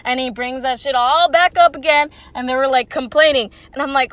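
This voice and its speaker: A woman's voice: high voice, steady tone, a little fast, fairly bright tone, no room sound. A woman in her twenties telling a casual storytime, rambling and swearing freely with lots of "like". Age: 20s. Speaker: vlogger.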